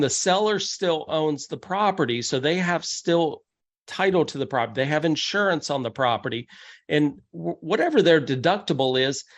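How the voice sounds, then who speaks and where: Guy teaching a real estate meetup, bit higher-pitched voice, talks it through step by step. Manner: conversational, explains step by step; acts out quoted buyers and investors. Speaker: real estate investing presenter. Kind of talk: seminar presentation.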